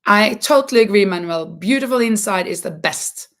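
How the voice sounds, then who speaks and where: A woman whose first language is Norwegian, hosting a casual crafting livestream and chatting in a halting way, with many restarts and a lot of laughter. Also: medium pitch, lively intonation, fairly bright tone. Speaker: livestream host and schoolteacher. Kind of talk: casual chat while crocheting.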